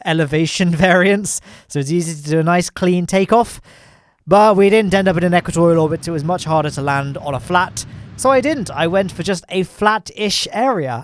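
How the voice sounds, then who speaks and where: A man's voice: a little high, no room sound, clean studio sound. A man giving jokey, self-deprecating commentary over gameplay footage, chuckling often. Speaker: gaming YouTuber.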